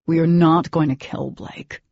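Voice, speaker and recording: A woman's voice: low voice, steady tone, unhurried, gravelly, darkish tone, no room sound, heavily acted. A woman voicing a stern, protective young man who speaks firmly. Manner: firm, commanding. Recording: dull lo-fi recording.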